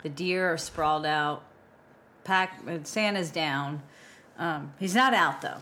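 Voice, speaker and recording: A woman's voice: sits low, slow pace, bright, forceful tone. A woman co-hosting a podcast in casual chat, easygoing, chiming in with short agreements and offbeat comparisons. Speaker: podcast co-host.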